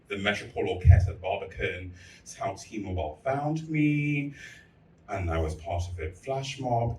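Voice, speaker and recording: A man's voice: fairly low pitch, recorded from a distance, a little hiss or hum. Man giving a candid speech in an echoey hall. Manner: candid, storytelling with crude humor. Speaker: festival speaker. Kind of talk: public speech to artists.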